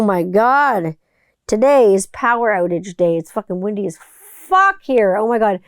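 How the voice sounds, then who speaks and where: A woman's voice: a little high, clean tone, dry recording, clean studio sound. A middle-aged woman hosting a podcast in loose, rambling chat, swearing freely and cutting herself off mid-thought. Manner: exuberant, profane, rambling, self-interrupting. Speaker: podcast host. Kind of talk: casual solo podcast chat.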